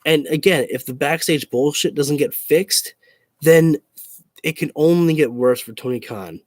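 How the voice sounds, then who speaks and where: A man's voice: fairly high pitch, unhurried, dry recording. A man in a casual opinion rant to camera as a wrestling YouTuber, frustrated, swearing and repeating himself.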